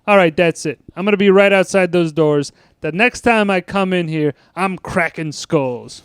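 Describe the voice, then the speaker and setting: A man reading out the lines of a gruff, threatening middle-aged male school principal in a taunting, bullying manner. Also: high voice, normal speed, no room sound, studio quality, natural voice.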